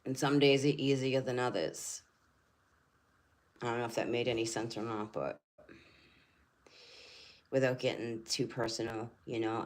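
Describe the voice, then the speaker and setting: An older woman hosting a spiritual channel who talks earnestly in a rambling way and repeats her phrases. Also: very deep voice. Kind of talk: casual livestream talk.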